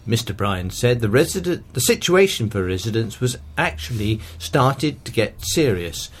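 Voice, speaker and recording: A man reads local news stories aloud with care. His pitch sits in the middle range but moves a great deal, rising and falling through each sentence. His delivery is measured and steady. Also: slightly rough. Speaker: volunteer news reader.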